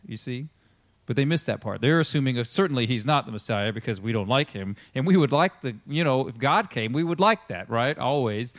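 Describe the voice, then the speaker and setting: Male pastor, casual sermon delivery, mid-pitched, playful with quoted voices. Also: animated, brisk. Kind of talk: conversational sermon.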